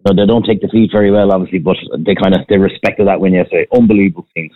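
Blunt Irish caller on a tinny phone line. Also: male voice, deep voice, fairly even intonation, very fast. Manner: blunt, cynical, chatty. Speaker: caller, restaurant owner. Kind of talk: phone-in chat.

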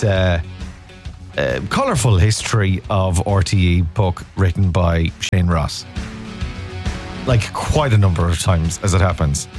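A man's voice: lowish voice, a little mellow. A middle-aged Irish man hosting a radio show, chatting playfully and slipping into comic voices. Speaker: radio host. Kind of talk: casual radio chat.

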